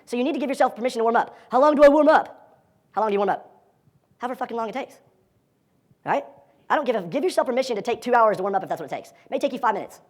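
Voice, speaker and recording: A man teaching a live dating seminar, energetic and profane, acting out quoted lines as he talks to his audience. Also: very high-pitched, racing.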